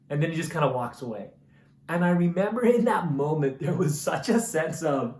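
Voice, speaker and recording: A man preaching a recorded camp message in a slightly high voice, casual and chatty. He tells stories with animated energy and then turns soft and earnest. The room around him is echoey. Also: brisk. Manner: animated storytelling, falling to soft earnest appeals; casual, says "man" and "right?". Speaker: camp speaker.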